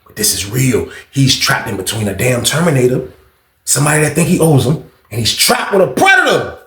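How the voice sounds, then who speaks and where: A man's voice: medium pitch, a little fast, reverberant. A man casually telling a prison storytime in slangy, profane speech, hosting his own channel. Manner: slangy, profane, animated retelling.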